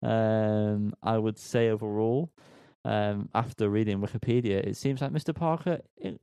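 A man's voice: lowish voice, moderate pace, creaky, dark tone, clear, resonant tone, no room sound. A man co-hosting a podcast in casual chat, rambling with many ums and teasing himself. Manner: rambling, self-mocking, lots of ums. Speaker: podcast co-host.

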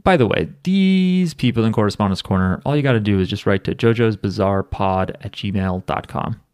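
Low-voiced joking man on a podcast. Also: normal speed, darkish tone, smooth, no echo, clean studio sound. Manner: joking, rambling with fillers. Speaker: podcast co-host. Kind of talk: casual podcast chat.

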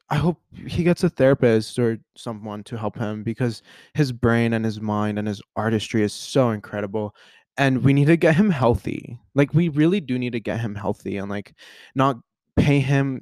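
A man hosts a casual solo podcast, talking earnestly and rambling with lots of fillers and restarts. His voice is medium in pitch, with no room sound.

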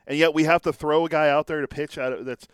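A man's voice: a little high, steady tone, fast talker, smooth, no room sound, studio quality. A man co-hosting a sports talk show, chatting casually and agreeably. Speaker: co-host.

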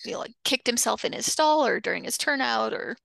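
A woman's voice: a little high, fairly quick, gravelly, dry recording. A woman hosting a podcast and chatting easily about her work training young horses. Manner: relaxed, easygoing. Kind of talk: casual podcast chat.

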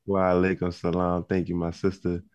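A man's voice: deep voice, completely flat delivery, normal speed, a little mellow, no room sound. A man hosting a group call, moderating in an easygoing way as he calls on speakers by name, heard through dull, muffled call audio.

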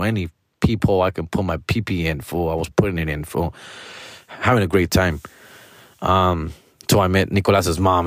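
A man's voice: medium pitch, no room sound, studio quality. A middle-aged man, rambling through a casual story with profane slang and bits of Spanish.

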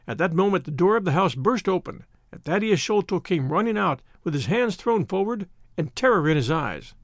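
Guy reading a story aloud, high voice, super lively and dramatic. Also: normal speed, few pauses, no echo, studio quality. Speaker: audiobook narrator. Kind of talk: scripted narration.

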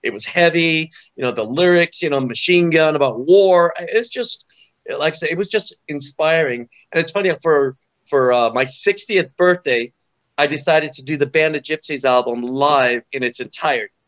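A man's voice: fairly high pitch, normal speed, a bit bright. Older man telling rambling stories, lo-fi. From Orange County, California. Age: 60s. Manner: rambling, full of "you know" and restarts. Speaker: guest musician. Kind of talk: casual storytelling interview.

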